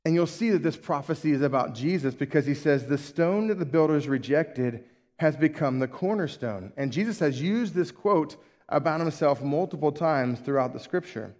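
A man with a fairly high voice preaches to a small congregation, his words trailing into a long hall reverb. He keeps it conversational, checking in with "right?" and asking his listeners questions as he goes. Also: moderate pace, a little mellow. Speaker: pastor. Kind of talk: sermon.

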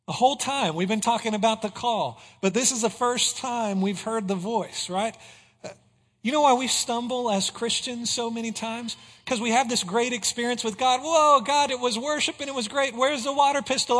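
A man preaching a sermon, swinging between hushed passages and loud exclamations of praise. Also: very high voice. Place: church sanctuary. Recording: long hall reverb.

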